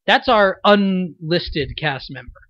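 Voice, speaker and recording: A man's voice: high-pitched, expressive, slow, no room sound, dull audio. A young man giving a loose, rambling commentary, full of fillers and restarts, about the cast of a fan voice project. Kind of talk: unscripted spoken commentary.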